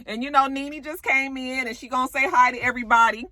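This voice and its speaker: A woman's voice: high-pitched, fairly even intonation, quick pace, bright, forceful tone, dry recording. A woman recapping a reality show in casual chat, sassy and profane, acting out quotes. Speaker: TV recap vlogger.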